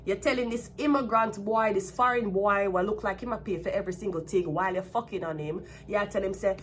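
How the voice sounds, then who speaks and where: A woman's voice: medium pitch, fairly quick, few pauses, slight background noise. A woman from Jamaica with a Jamaican accent giving a tarot reading, breaking into a blunt, profane rant. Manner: heated ranting, blunt and profane. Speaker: tarot reader. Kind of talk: casual tarot reading vlog.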